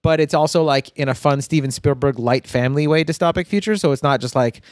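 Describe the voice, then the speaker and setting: A man guesting on a podcast, chatting in an excitable, slangy way. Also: a little high, fast, dry recording, studio quality. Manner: excitable, says "dude" a lot. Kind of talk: casual podcast chat.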